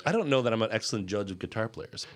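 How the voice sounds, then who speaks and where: A man's voice: lowish voice, lively intonation, very fast. A man co-hosting a casual podcast chat, dry and laid-back. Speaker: podcast co-host.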